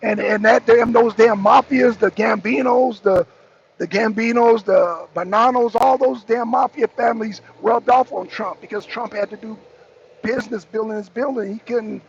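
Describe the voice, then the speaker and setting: Speaking at normal speed in an extremely high-pitched, steady voice with vocal fry and a slightly rough texture, a man co-hosts a political talk show. He argues heatedly, repeats points, and mocks whoever he is responding to. Faint noise sits under the dull lo-fi stream audio.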